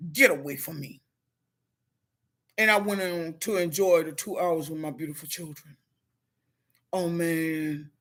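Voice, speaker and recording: A middle-aged woman and motivational speaker, telling her story on a live stream and speaking straight to viewers in a heartfelt, preachy way. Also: sits low. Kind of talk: emotional live-stream testimony.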